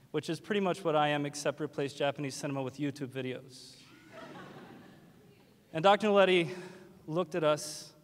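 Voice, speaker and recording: A man from West Virginia, a teacher giving a graduation speech with wry, self-deprecating humor. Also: a little high. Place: large hall at a graduation ceremony. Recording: long hall reverb.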